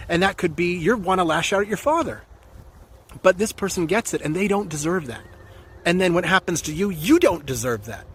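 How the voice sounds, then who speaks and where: A man's voice: fairly high pitch, fairly bright tone, a little hiss or hum. A man speaking as a coach in a casual, earnest and encouraging talk to his viewers, acting out quoted voices as he goes.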